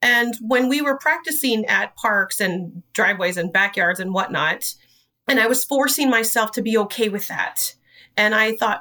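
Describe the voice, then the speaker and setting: A woman speaking as an interview guest in an earnest, emotional storytelling way. Her voice is bright and forward. She sits a little back from the microphone. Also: medium pitch, moderate pace, distant mic. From Idaho. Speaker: dance studio director.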